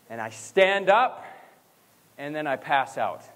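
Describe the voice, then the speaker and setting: A young man giving a motivational graduation speech, energetic and leading the crowd in chants. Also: on the high side, normal speed. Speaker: motivational speaker. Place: school gym or auditorium. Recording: long hall reverb.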